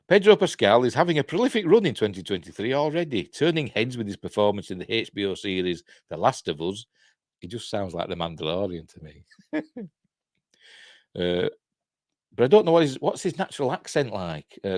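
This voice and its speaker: Man, Yorkshire accent, low voice, lively up-and-down delivery, casual news host, chatty rambling asides. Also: dry recording, studio quality. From Yorkshire, England. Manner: reads articles aloud then comments on them. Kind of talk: casual live news round-up.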